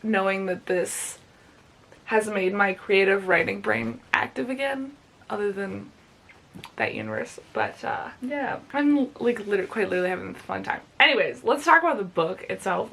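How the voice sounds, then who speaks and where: A woman's voice: medium pitch, lively intonation, moderate pace, creaky, a bit bright. A young woman talking casually in a home reading vlog, gushing about a book and swearing freely. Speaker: book vlogger. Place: home bedroom.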